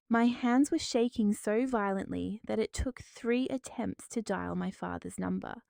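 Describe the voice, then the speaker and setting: A woman's voice: mid-range voice, a little slow, vocal fry, hardly any pauses, darkish tone, no room sound. A woman narrating a dramatic first-person story in a tense storytelling manner, recorded close.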